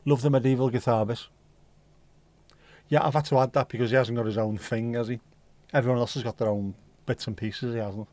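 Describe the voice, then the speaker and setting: A man's voice: medium pitch, fairly even intonation, a little fast, darkish tone, dry recording. Chatty man hosting a livestream. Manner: chatty, rambling, swears casually. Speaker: livestream host. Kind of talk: casual chat reading viewer comments.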